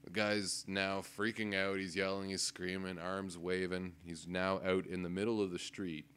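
Deep-voiced man telling stories, swearing. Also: moderate pace, clean tone. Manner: profane, laughing, animated storyteller. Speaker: podcast co-host. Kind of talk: casual storytelling chat. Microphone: desk microphone.

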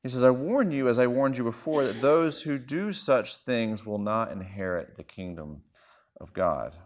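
A man's voice: mid-range voice, lively intonation, moderate pace. A man in his thirties, a pastor preaching a sermon in a conversational, self-deprecating storytelling way.

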